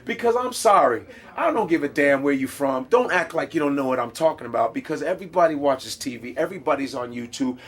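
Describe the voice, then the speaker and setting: A man, a stand-up comedian being interviewed, telling stories in an animated, profane style with street slang. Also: medium pitch, fast talker, few pauses. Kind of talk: casual interview storytelling.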